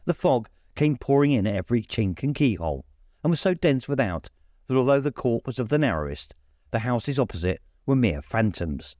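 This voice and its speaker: A man reading a classic novella aloud as an expressive audiobook narrator. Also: mid-range voice, normal speed, dry recording, studio quality. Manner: animated storyteller.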